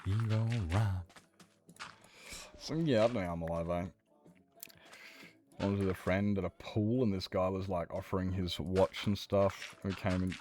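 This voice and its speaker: While gaming on stream, a young man rambles through profane stories in casual chat. His voice is low-pitched and a little mellow, with slight background noise.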